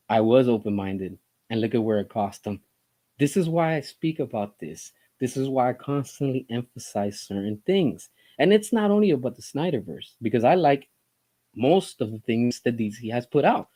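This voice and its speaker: A man's voice: medium pitch, lively intonation, moderate pace, mellow. Impassioned man ranting in commentary. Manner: impassioned, emphatic, full of rhetorical questions. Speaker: film commentary vlogger. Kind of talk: opinionated commentary monologue.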